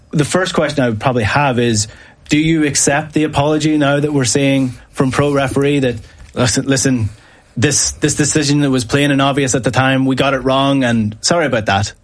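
A man hosting a breakfast sports radio show, talking briskly about football and reading promos. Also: mid-range voice. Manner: brisk, reads ad copy and promos in a lively way.

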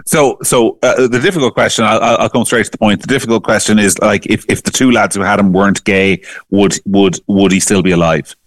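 A man giving forceful opinions as a political commentator in a podcast discussion, often repeating words and restarting phrases. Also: fairly low pitch, fairly even intonation, fairly quick, hardly any pauses, no echo. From Ireland.

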